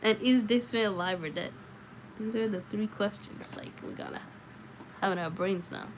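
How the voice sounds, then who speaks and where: A woman's voice: medium pitch, normal speed, noisy background. A woman with a slightly sore voice reading a novel aloud on a livestream, breaking off for casual, emotional asides about the story. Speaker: livestream book reader.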